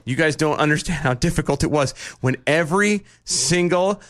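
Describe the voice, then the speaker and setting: A man's voice: fairly high pitch, moderate pace, fairly bright tone. A man co-hosting a casual news commentary show, bantering and mocking the stories. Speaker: co-host.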